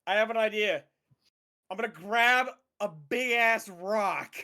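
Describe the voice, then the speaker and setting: A player in a tabletop game who talks slowly. Jokes crudely and laughs at their own bad luck. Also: medium pitch, bright, forceful tone. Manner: joking, crude, laughs at self. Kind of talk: casual tabletop play over voice chat.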